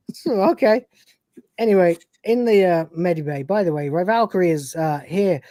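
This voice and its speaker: Sweary animated man. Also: high voice, moderate pace, no room sound, studio quality. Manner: animated, sweary, acts out quotes with laughs. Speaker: podcast co-host. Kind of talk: casual review chat.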